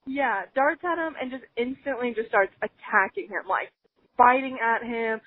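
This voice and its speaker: A woman co-hosting a podcast, telling an upsetting story in an animated, emotional way, near tears and full of "like". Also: on the high side, moderate pace, a little hiss or hum. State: close to tears. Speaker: podcast co-host. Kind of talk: casual chat, storytelling. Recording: phone-like audio.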